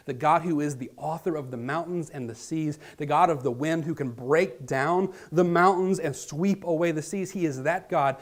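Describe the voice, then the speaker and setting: Earnest pastor, loud then hushed. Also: male voice, on the high side. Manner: dramatic, swings from loud emphasis to hushed near-whispers; earnest, direct address to listeners. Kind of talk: sermon.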